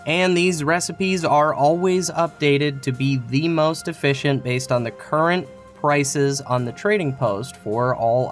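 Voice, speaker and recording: A man narrating a scripted game tutorial, explaining in a casual, friendly way. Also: mid-range voice. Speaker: game guide creator.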